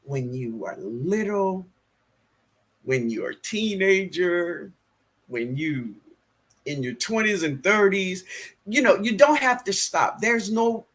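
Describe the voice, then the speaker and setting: A middle-aged man hosts a live gardening stream with a husky, slightly raised voice. He talks slowly, with a lively rise and fall in his pitch. He laughs easily and greets his viewers by name as he reads the chat. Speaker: gardening show host reading live chat.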